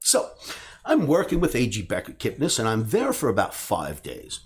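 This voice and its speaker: Speaking at a moderate pace in a mid-range voice, a sixty-something trading educator tells a personal story in a lively way, erupting into shouts whenever he acts out a scene.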